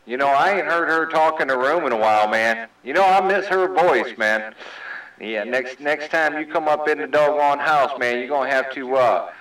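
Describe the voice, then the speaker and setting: A mid-pitched man runs a CB radio chat with friendly, joking banter and plenty of radio lingo. His voice sounds roomy and a little distant. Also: normal speed, a bit bright. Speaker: CB radio host.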